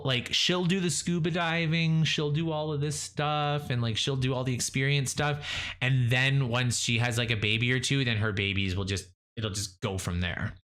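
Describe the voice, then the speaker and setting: A man streaming gameplay live, chatting casually with many fillers and restarts, rising in pitch when excited.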